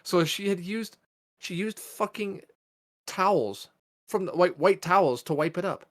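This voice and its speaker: A man's voice: high-pitched, a little slow. A man, co-hosting a podcast and telling a story in casual chat, swearing a lot and acting out quotes. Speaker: podcast co-host.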